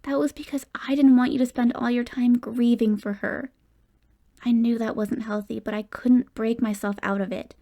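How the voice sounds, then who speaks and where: A woman's voice: a little high, steady tone, moderate pace, gravelly, dark tone. A woman reading as a tender grieving mother. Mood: tender, pleading. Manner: pleading and tender. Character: grieving, loving middle-aged mother.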